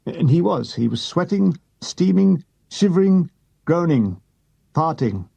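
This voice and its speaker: A male audiobook narrator with a husky, mellow voice, reading a comic war memoir. His intonation swings lively and wide, and he delivers the jokes with dry, unhurried timing. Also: a little high, dull audio.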